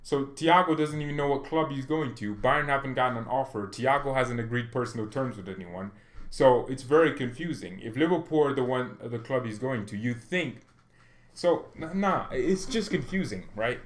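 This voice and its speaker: A man hosting a fan channel, talking casually and jokingly in rambling commentary with animated bursts. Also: mid-range voice, moderate pace.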